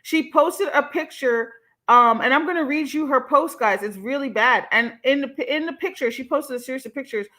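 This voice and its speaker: A young woman hosts a casual livestream from her home mic. Her voice sits a little high and rings bright and sharp. She talks in an animated, emphatic way and swears freely. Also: moderate pace. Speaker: livestream host.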